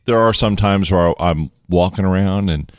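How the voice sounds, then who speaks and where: A man's voice: sits low, moderate pace, dry recording, studio quality. A man in casual chat, laughing as he talks and leaning on fillers. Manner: laughing, filler-heavy talk.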